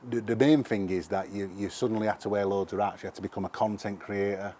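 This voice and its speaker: A middle-aged man with a Sheffield accent, a musician telling animated, sweary anecdotes in a casual interview. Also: on the low side, quick pace, slight background noise. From England. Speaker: musician guest.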